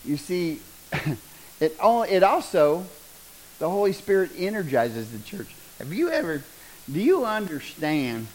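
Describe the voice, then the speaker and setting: Animated, high-pitched preaching man. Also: measured pace, rough recording. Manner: animated, joking, preaching with rising bursts and laughter. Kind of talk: sermon.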